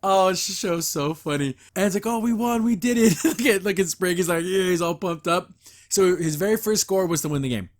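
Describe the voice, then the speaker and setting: A man's voice: sits high, a little fast. A man hosting a podcast, giving a casual, rambling episode review full of enthusiasm and frequent laughs. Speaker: podcast host.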